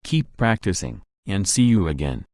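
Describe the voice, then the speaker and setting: A man reading an English grammar lesson aloud, giving the rules and the answers in a measured, even way. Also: deep voice, no echo, studio quality. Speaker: English teacher.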